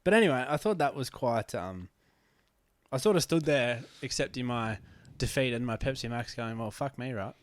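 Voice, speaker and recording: A man's voice: medium pitch, animated, moderate pace, no echo. A man co-hosting a casual music podcast, trading teasing, dry banter. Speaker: podcast co-host. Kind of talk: casual chat.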